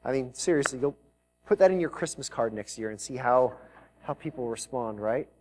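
A male pastor delivers a live sermon to his congregation in a church. He talks in a loose, conversational way and throws in wry jokes to the room. His voice sits at an ordinary middle pitch for a man. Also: lively intonation, moderate pace, darkish tone, a little hiss or hum. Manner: conversational, with joking asides to the congregation. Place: church service before a congregation.

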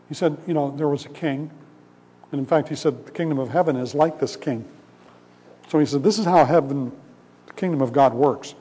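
A man's voice: a little high, dark tone. A male pastor giving a sermon in a conversational storytelling way, acting out the voices in a parable. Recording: long hall reverb.

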